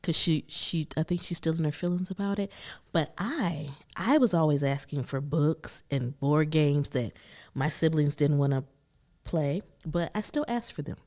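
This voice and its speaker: A woman hosting a podcast, telling family stories in a chatty, animated way and acting out quotes from her relatives. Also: sits low, normal speed. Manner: animated, laughing storyteller who acts out family quotes. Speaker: podcast host. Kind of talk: personal storytelling monologue.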